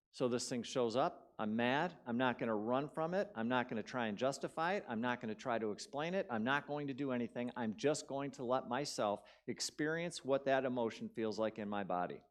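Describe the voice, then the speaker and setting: Guy telling a story in a sermon, mid pitch, gets loud then real quiet, repeats words a lot. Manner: animated, swings between loud bursts and quiet drops; conversational, repeats words for emphasis. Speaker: guest speaker. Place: church sanctuary.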